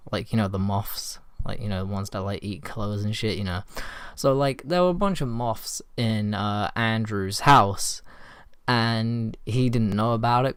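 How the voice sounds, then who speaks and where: A man with a cold tells a story in a loose, rambling way. His voice is a bit hoarse but smooth underneath. The sound is dry and close to the mic. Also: mid-range voice, no echo. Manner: rambling, lots of fillers, laughs while telling. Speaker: vlogger. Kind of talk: casual storytime.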